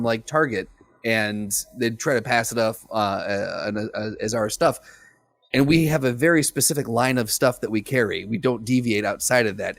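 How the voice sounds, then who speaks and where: A man co-hosting a podcast recounts workplace stories in a chatty, easygoing way, often restarting his sentences. His voice sits at a middle pitch. The sound is dry and close-miked. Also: no room sound. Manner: chatty anecdotal storytelling with small restarts. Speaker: podcast co-host. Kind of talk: casual podcast chat.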